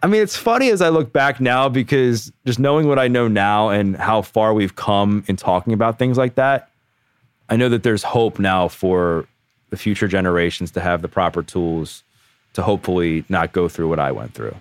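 A man in his thirties, a podcast guest, telling his own story candidly in a casual, animated way, full of "like". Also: lowish voice, normal speed, clean tone, no room sound. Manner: candid, animated, heavy use of "like".

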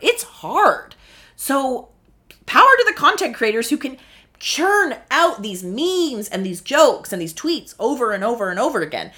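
Young woman, solo recap host; animated and snarky, bright forceful tone, lots of pitch swing. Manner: animated, snarky and profane, with sudden high exclamations. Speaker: podcast host recapping a reality show. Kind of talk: casual solo commentary.

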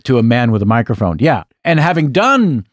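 A comedian in his sixties spins a long story for an interviewer, full of asides and quick self-corrections. His pitch rises and falls freely. The recording is close and dry. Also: sing-song, no room sound. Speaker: guest comedian.

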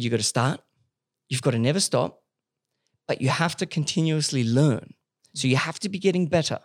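A man hosting a podcast, telling stories animatedly, swearing freely and restarting sentences. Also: medium pitch. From Australia. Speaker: podcast host. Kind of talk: casual podcast chat.

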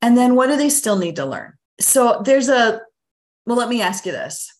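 A woman's voice: a little high, sing-song, normal speed. Woman parenting coach, earnest, teacherly, repeats points, casual podcast guest. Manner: earnest, explanatory, teacherly repetition. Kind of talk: casual interview chat.

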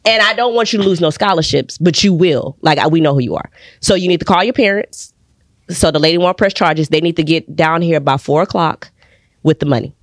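A young woman from Texas tells a story as a podcast guest, with a lowish voice that leaps up high whenever she acts out other people. Her delivery is lively and animated. The studio sound is dry and close. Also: a little fast, dry recording. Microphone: studio podcast mic.

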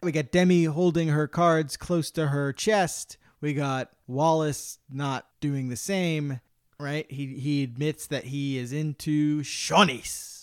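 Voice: mid-range voice, steady tone, slow, smooth, dry recording. A podcast co-host recapping a reality dating show in casual chat, with a dry, teasing and contrarian manner.

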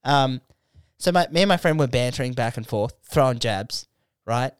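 A man's voice: medium pitch, moderate pace, smooth, no echo, studio quality. A man with an Australian accent, a comedian on a podcast, telling a story in loose, slangy banter with some swearing. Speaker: comedian guest.

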